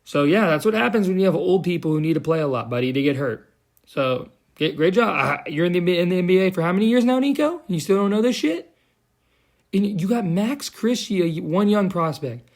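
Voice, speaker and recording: A man's voice: high-pitched, fairly quick. A young man giving a heated, profane, sarcastic commentary rant as a vlogger. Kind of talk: ranting commentary.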